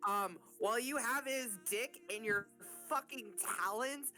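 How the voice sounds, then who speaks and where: A woman's voice: a little high, measured pace, sharp tone, soft background music. Profane, laughing woman game master. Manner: casual, profane, laughing often. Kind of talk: narrating a tabletop game.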